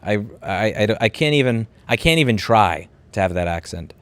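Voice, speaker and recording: A man's voice: fairly low pitch, animated, moderate pace, a bit bright, no room sound. A man in his thirties with a New York accent, hosting a casual livestream. He reads out viewer comments and answers them bluntly, sometimes with profanity, rambling and restarting his sentences. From Queens, New York City. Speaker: livestream host.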